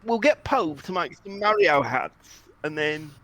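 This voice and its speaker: A streamer chatting on a live stream, excitably throwing in ideas. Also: mid-range voice, measured pace. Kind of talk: casual livestream chat.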